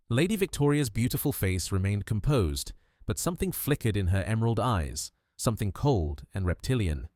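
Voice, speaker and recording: A man reading a mystery audiobook with measured, dramatic storytelling. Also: fairly low pitch, big pitch swings, darkish tone, dry recording, studio quality. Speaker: narrator. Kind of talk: scripted audiobook narration of a mystery.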